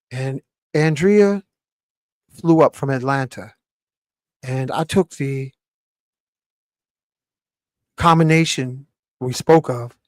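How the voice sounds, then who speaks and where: A man's voice: fairly high pitch, dry recording. Emphatic, raised-voice male show host. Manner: emphatic, animated, lecturing. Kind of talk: casual live show talk.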